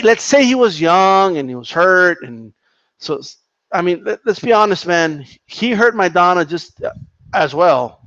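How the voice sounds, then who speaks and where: A man with a fairly high voice rants heatedly about boxing, swearing freely and circling back over the same points. He reacts to a live chat as he goes. The sound is dry and a bit dull, like a cheap home mic. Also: fairly bright tone, no echo. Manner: profane, heated, repetitive. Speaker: boxing commentator reading chat. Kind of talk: casual live-stream rant.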